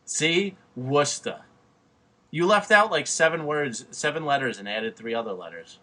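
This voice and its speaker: A man with a New York accent, with a bright, forceful voice, trading loud jokes on a casual podcast. He swears freely and needles his friend. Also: a little high, lively intonation, moderate pace. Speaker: podcast host.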